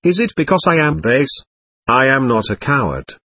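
A man's voice: medium pitch, very animated, normal speed, pushed and bright, husky, no echo, heavily acted. A man reading as a feverish, delirious young man. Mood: brooding. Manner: rambling, agitated, brooding.

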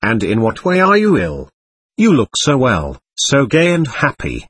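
A man's voice: medium pitch, huge pitch swings, a little slow, a bit bright, breathy edge, heavily acted. A male narrator voicing an anxious, effusive middle-aged mother who pleads fervently, in an audiobook. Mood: pleading. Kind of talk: audiobook character reading.

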